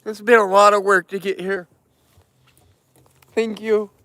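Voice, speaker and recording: A man with a high, bright voice chats casually on a livestream, emotional and talkative, greeting viewers and animals by name. His voice comes through clear and crisp, with a dry, close sound. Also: level tone, a little slow, dry recording.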